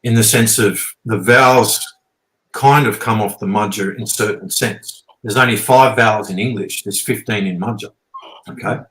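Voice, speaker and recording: A man's voice: on the low side, normal speed, a bit bright. A man, rambling and swearing as he explains things casually, often checking in with "okay?". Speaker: guest teacher. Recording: roomy echo.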